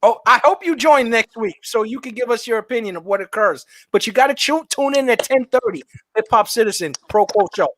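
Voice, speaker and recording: High-voiced New York man hosting. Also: animated, fairly quick, few pauses, a bit bright, no echo. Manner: teasing, stammering restarts. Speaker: livestream show host. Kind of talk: casual call-in chat.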